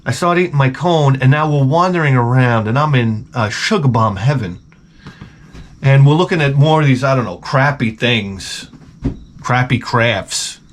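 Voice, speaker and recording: A man's voice: medium pitch, normal speed. A man telling a rambling, profane, comically exasperated story in a casual vlog. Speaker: vlogger.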